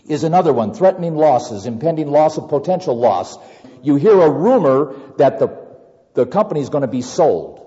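A man preaching a sermon, acting out everyday worries with lively repetitions and asides. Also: fairly high pitch. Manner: animated, acts out worried scenarios with repetitions. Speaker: pastor. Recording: lo-fi recording with long reverb.

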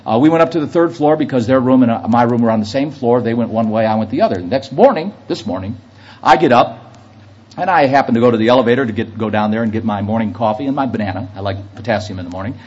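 A man's voice: medium pitch, animated, fast talker, darkish tone, muffled recording. A man preaching a sermon, telling an anecdote and then building to emphatic preaching. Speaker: pastor.

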